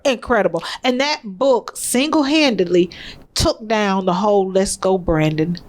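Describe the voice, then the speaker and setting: A middle-aged woman, a guest author, telling a story in a lively, emphatic way and calling her listeners "girl". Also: medium pitch, unhurried, slight background noise. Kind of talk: animated storytelling.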